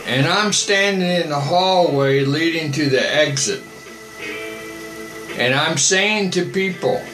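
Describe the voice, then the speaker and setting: A man's voice: on the high side, takes it slowly, echoey room, over music, poor audio. A man in his seventies, a missionary preaching on a live stream and answering viewer comments in a rambling, earnest, repetitive way. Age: 70s.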